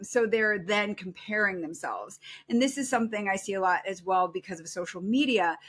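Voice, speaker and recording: A middle-aged woman psychologist giving earnest, animated advice as a guest in a podcast interview. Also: mid-range voice. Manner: earnest, animated, acts out quoted self-talk.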